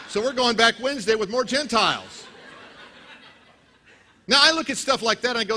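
Bright, high-voiced male pastor preaching. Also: a little fast, pauses often. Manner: storytelling, animated with acted quotes. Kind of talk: sermon.

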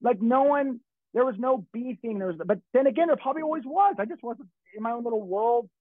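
A man's voice: very high voice, fairly quick, dry recording. A middle-aged man from California telling stories in casual chat, rambling and swearing with many restarts. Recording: tinny phone-like dry sound.

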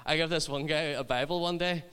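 A man's voice: on the high side, steady tone, brisk, a bit bright, clear, resonant tone. Male youth preacher, chatty and funny, resonant voice with long hall echo. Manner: humorous, chatty anecdotes. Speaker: youth ministry leader. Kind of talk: sermon storytelling.

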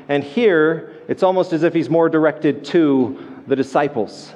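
A man delivers a sermon in a church in a conversational style, pausing, restarting and doubling words as he goes. His voice sits a bit higher than most men's. The sound rings with the long reverb of a large sanctuary. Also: darkish tone, muffled recording. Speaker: pastor.

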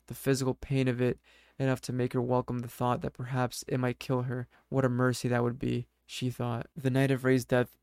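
A man narrates a dark scripted story in a measured, steady reading voice. His tone is smooth and clear, held almost level throughout, at a middling pitch. The recording is close and dry. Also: dry recording.

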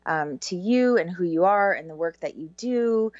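A woman from Canada co-hosting a radio show, chatting casually and giggling often between halting restarts. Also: fairly low pitch, animated, dry recording, muffled recording. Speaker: co-host and psychic reader.

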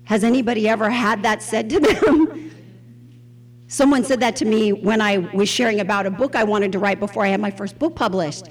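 A woman telling personal stories in a sermon, animated and laughing often as she acts out the voices of people in them. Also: mid-range voice, normal speed, long reverb tail. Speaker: speaker at a women's Bible study. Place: Houston church gathering.

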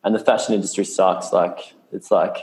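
A man's voice: deep voice, fairly even intonation, normal speed, darkish tone. A young Australian man talking as a podcast guest in a loose, sarcastic, laid-back way, swearing freely. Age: young adult. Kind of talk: casual interview chat. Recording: roomy echo.

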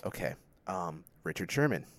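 A man's voice: sits low, animated, normal speed. A young man co-hosting a casual sports chat, joking and rambling through his opinions. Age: young adult. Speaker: podcast co-host.

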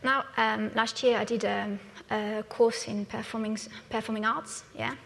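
A woman's voice: a little high, fairly even intonation, measured pace, gravelly. A woman from France, preaching a conversational sermon in a church and often asking "yeah?" as she goes. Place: church hall. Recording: long hall reverb.

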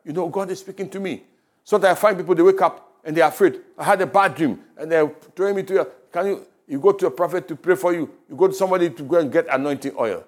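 A man with a Ghanaian English accent preaching a sermon, with rising emphasis and quiet drops. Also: fairly high pitch, expressive, fast. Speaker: pastor. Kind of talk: radio sermon. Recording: radio broadcast.

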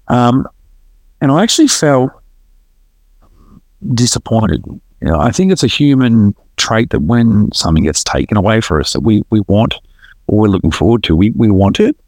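Gravelly, fairly low and rather quick, this guest's voice comes through a dry recording. He relates his story to the podcast host casually and earnestly, restarting sentences frequently.

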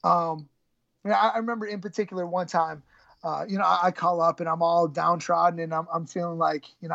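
Gravelly man telling his story haltingly. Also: high-pitched, fairly bright tone, no room sound, muffled recording. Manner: halting, many restarts and throat clearing. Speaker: guest, former college wrestler. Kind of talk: candid conversational storytelling.

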